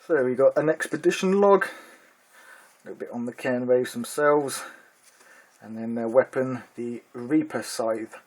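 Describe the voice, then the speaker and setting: A man at an ordinary mid-range pitch hosts his own miniatures hobby channel and walks through a magazine issue. His delivery is relaxed and conversational, full of ums and uhs. When he reads a passage aloud, his tone flattens a little. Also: unhurried. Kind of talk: casual product review.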